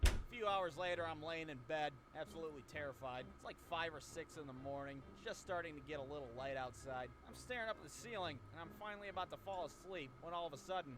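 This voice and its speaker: A man in his twenties telling a comedic story in a crude, sarcastic, deadpan way. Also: fairly high pitch, quick pace. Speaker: animated storyteller. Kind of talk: comedic scripted narration.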